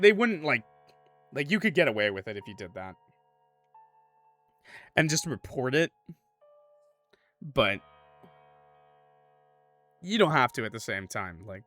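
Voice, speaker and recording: A man's voice: lowish voice, bright, forceful tone. A man playing a horror game, reading its text aloud and chatting casually between passages. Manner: casual, laid-back, lots of "like" and "bro". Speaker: streamer. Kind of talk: let's play, reading game text with commentary.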